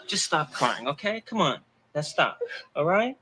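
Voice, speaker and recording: A man's voice: fairly high pitch, very animated, a little slow, bright, forceful tone, exaggerated voice. A dry, sardonic gay man. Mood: soothing. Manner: dry, sardonic, then soothing. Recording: noisy 1970s TV soundtrack.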